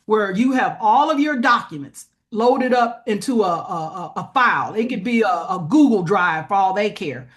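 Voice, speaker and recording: A woman's voice: mid-range voice, expressive, normal speed, few pauses. A woman as an interview guest, explaining business funding plainly and checking in with "right?". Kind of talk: conversational interview.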